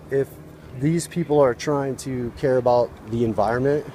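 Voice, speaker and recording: A man's voice: mid-range voice, fairly even intonation, measured pace, dark tone, slight background noise. A man in a heated street argument with protesters, profane, rambling and combative, recorded outdoors. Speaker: passerby arguing with protesters.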